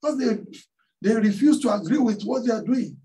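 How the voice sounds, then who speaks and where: A man's voice: very high-pitched, expressive, moderate pace, warm tone, distant mic, low-quality recording. A man preaching a sermon, telling a story and tossing questions out to the congregation. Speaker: pastor. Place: church hall.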